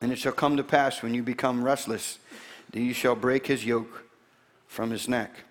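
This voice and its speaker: A man reading the lines of an elderly father giving a solemn blessing, slow and measured, with long hall reverb. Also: mid-range voice, fairly even intonation, natural voice.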